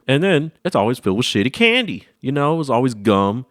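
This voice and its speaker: A man's voice: fairly low pitch, expressive, fairly quick, a bit bright, dry recording, studio quality. Rambling, profane young man telling stories. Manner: rambling, profane, acts out voices in his stories. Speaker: podcast host. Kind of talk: casual storytelling chat.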